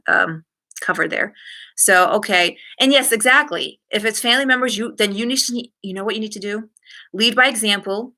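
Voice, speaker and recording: A middle-aged woman talks straight to her live-stream audience in a candid, animated way. Her tone is bright and forceful, and she tells her story with quick asides to the viewers. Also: mid-range voice.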